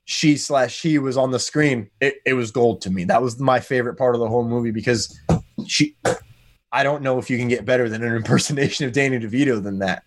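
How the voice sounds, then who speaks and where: Animated American man on a podcast. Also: brisk. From United States. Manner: animated, pitch jumps when excited, rambling. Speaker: podcast guest. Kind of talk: casual podcast chat.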